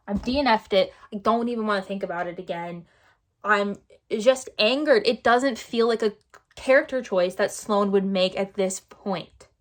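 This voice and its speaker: A woman at an ordinary middle pitch talks through a casual book review vlog. Her delivery is exasperated and sarcastic. She keeps circling back to the same phrases to hammer her points home. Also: moderate pace. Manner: exasperated, sarcastic, repeats herself for emphasis. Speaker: book vlogger.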